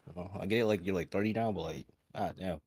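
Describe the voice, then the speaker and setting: A man's voice: low voice, fast talker, a little mellow, breathy edge, dry recording. A man calling into a stream, teasing and drawling with hesitant fillers, heard over distant voice-call audio. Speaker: caller. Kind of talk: casual chat over a voice call.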